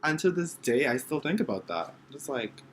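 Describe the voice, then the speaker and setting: A man's voice: mid-range voice, very animated, normal speed, a little hiss or hum. A young man from the Bahamas, dramatically telling a funny story from his childhood in a self-mocking way. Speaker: vlogger. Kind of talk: story time monologue.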